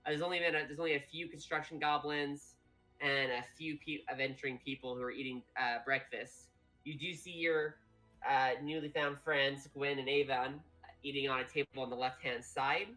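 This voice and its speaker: A woman's voice: rumbling low, fairly even intonation, normal speed, pushed and bright, soft background music. A woman narrating a tabletop game as game master, loose and rambling. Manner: loose and rambling, many fillers.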